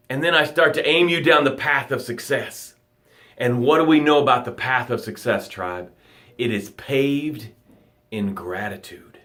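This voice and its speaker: A male motivational coach speaking live to his viewers, with a voice that sits a little high for a man. He talks dramatically, pushing hard with rising emphasis and then sinking into quiet, hushed guidance. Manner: dramatic, swings from loud urging to soft hushed guidance. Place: home livestream. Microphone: phone or webcam, live broadcast.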